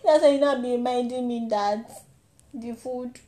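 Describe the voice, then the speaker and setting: A young Nigerian-accented woman performs a comic monologue with mock indignation and lots of animation, slipping in pidgin and Yoruba phrases. Her voice is a little high and her pace moderate.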